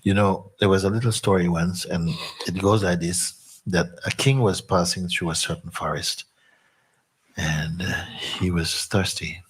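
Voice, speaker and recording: A man giving a spiritual talk, telling a story in an unhurried, playful way. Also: low-pitched, fairly even intonation, slightly rough. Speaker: spiritual teacher.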